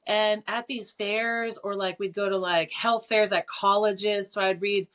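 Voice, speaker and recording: A middle-aged woman telling her story as an interview guest, animated and casual, with lots of fillers and free swearing. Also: medium pitch, measured pace. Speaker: clairvoyant and teacher, guest.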